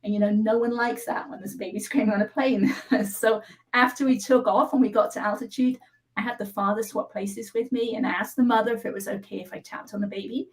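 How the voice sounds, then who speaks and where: A woman with a mid-pitched voice walks through a self-help technique point by point. Her delivery is calm and instructive. She keeps checking that the listener is following. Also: a little fast, low-quality recording. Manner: calm, instructive, frequent "right?" check-ins. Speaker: EFT tapping practitioner, guest. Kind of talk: explaining a technique on a live show.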